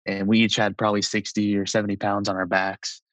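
A man in his twenties telling a personal story in a casual, conversational way, with lots of "like" and soft laughs. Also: lowish voice, flat delivery, fairly quick, no room sound, poor audio. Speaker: storyteller recounting a personal experience.

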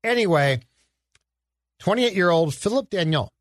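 A man co-hosting a sports podcast in an easy, teasing way, his voice sitting a bit high for a man. It is recorded dry and close, with no room sound. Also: lively intonation, unhurried, dry recording. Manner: leading, quizzing, teasing. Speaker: podcast co-host. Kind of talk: casual sports chat.

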